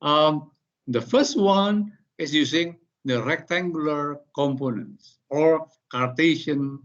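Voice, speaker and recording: A man with an Indonesian accent lecturing online, halting and repeating words as he explains. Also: a little high. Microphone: computer mic on a video call. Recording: muffled meeting-call audio.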